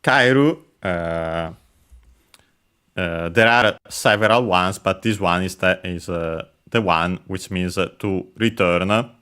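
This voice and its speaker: A low-pitched man talks slowly, teaching language points step by step. He hesitates often and fills his pauses with drawn-out filler sounds. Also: pushed and bright, clean tone. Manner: hesitant, many filler sounds, careful and methodical. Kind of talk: explaining Japanese words while playing a game.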